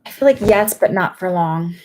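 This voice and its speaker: A woman's voice: lowish voice, expressive, normal speed, a little mellow. A woman working as a psychic medium, giving live-stream readings. She reads viewers' questions aloud and answers in a rambling, hesitant way with lots of fillers.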